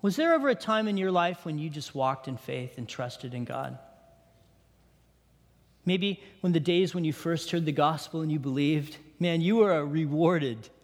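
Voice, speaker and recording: High-voiced man preaching in a reverberant hall. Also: lively intonation, normal speed. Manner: conversational preaching, asks the congregation questions. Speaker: pastor. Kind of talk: sermon. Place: church sanctuary.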